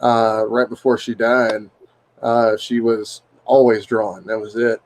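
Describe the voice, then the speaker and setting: A man's voice: medium pitch, level tone, measured pace, slight background noise. Laid-back guy on a stream, plain talk, easygoing. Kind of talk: casual livestream chat.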